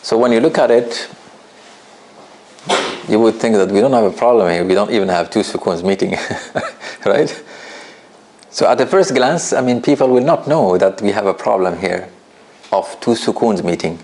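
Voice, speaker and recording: Low, gravelly-voiced man teaching a class. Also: expressive, normal speed, long pauses, a little mellow. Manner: conversational, often checks understanding with "right?"; questions students directly. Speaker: Quran recitation teacher. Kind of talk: classroom lesson.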